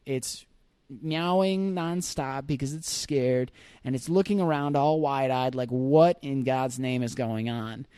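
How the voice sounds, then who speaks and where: This podcast host's voice is a bit high, mellow, clear and resonant, captured in a dry recording. Speaking conversationally and reflectively, he tells a frank story from his own life with light laughs, voicing his inner thoughts as quotes.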